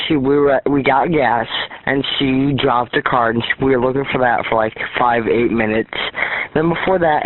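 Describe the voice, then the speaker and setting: Frustrated guy rambling over a tinny phone line, lots of restarts. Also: medium pitch. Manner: rambling, halting, frustrated retelling. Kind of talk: casual phone conversation.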